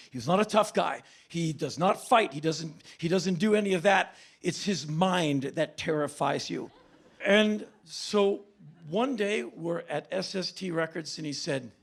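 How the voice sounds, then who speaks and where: A man in his fifties telling a stand-up story on stage, with a deadpan, politely mock-formal delivery. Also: high voice, vocal fry. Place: stage before a laughing audience.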